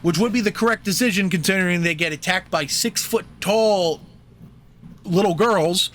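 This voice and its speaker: A man's voice: high-pitched, moderate pace, a bit bright. A young man co-hosting a film podcast, talking in a rambling, jokey, profane way. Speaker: podcast co-host reviewing a film. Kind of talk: casual chat.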